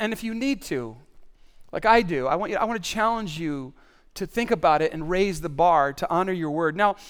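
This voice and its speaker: Animated high-voiced male preacher. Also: clear, resonant tone. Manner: animated, swings from loud to hushed. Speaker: pastor. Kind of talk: sermon.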